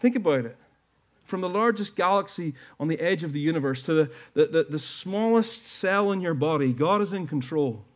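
A man's voice: a little high, animated, moderate pace. A man preaching a sermon to his church, earnest and building to emphatic peaks. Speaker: pastor.

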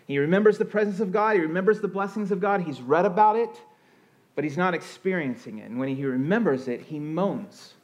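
A man preaching a sermon as pastor, earnest and expressive, rising and falling for emphasis, with a conversational flow and frequent restarts. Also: high-pitched, a little fast.

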